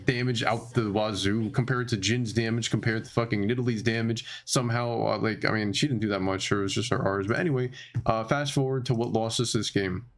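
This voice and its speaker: Heated man ranting over gameplay. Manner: heated and exasperated, restless pitch swings, heavy filler words. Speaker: gamer reviewing his own matches.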